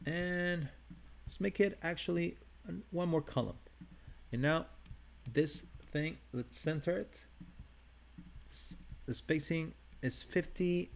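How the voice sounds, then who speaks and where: A man's voice: a little high, slow, vocal fry, long pauses. A man with a non-native English accent teaching a live design tutorial, talking casually and thinking aloud as he works. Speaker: design instructor.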